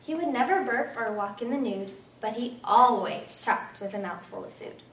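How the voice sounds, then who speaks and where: A woman reading funny children's poems aloud, with playful, animated storytelling. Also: fairly high pitch, moderate pace, slight background noise. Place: classroom. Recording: echoey room, mic at a distance.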